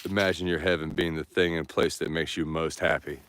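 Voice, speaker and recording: Deep-voiced laid-back man rambling outdoors. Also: fairly even intonation, brisk, a bit bright, slight background noise. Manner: laid-back, musing, talks to his dogs. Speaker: vlogger. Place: outdoors in nature with dogs.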